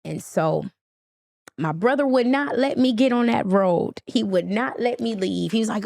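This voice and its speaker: A woman with a gravelly, fry-edged voice, speaking as a podcast guest. She tells a painful personal story with feeling and acts out the quoted dialogue with a lot of life. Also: medium pitch, moderate pace, a little mellow, no echo, clean studio sound.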